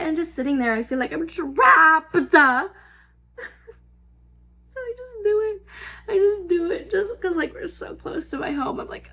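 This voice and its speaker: Young woman, high voice, casual storytime vlogger, rambling and giggly. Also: moderate pace, bright, forceful tone. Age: 20s. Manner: rambling, filler-heavy, swearing, giggly.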